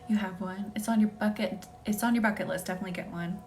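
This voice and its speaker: A young woman hosting a live Reiki stream, chatting casually with viewers by name and often dropping into a soft whisper. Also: medium pitch, fairly even intonation, quick pace, a little hiss or hum. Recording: faint music behind.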